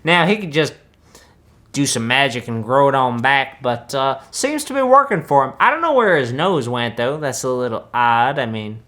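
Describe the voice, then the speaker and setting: A man's voice: mid-range voice, fairly bright tone, close to an everyday voice. A young man, playing a boastful country-boy wizard who reacts to films in a laid-back, rambling drawl full of folksy asides. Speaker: comedic film reactor. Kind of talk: deadpan comedic reaction.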